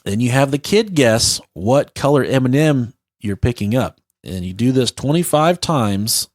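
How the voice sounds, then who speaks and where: A man in his thirties tells stories as a podcast co-host, loose and rambling, with plenty of swearing. His mid-pitched voice sounds close and dry. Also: animated, measured pace, no room sound. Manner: profane, rambling storytelling. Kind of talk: casual podcast chat.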